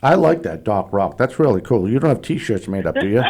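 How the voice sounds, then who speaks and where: A friendly man with a lowish voice hosts a sports talk show. He asks his questions in a halting, chatty way and often restarts his sentences. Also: very animated, darkish tone. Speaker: podcast host.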